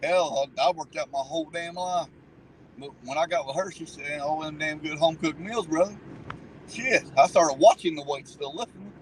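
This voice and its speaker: A man's voice: fairly high pitch, moderate pace, slight background noise, poor audio. A man telling stories in a car, cursing freely and laughing at himself. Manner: profane, laughing storyteller. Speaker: guest riding along. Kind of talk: casual chat.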